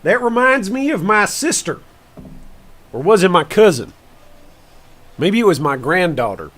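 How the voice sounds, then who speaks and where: Brief: male streamer playing old country farmer, Southern drawl, slow folksy pauses, bouncy high voice. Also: very animated, fairly bright tone, exaggerated voice. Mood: rambling. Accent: put-on Southern US rural. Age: older. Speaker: gaming streamer host in character. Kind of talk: comic character bit on a game stream.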